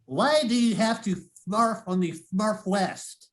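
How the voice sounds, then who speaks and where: A man's voice: sits high, takes it slowly, a bit bright. A man playing a fussy, nerdy male Smurf producer with a pedantic, nitpicking manner in a comedy sketch. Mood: nitpicky.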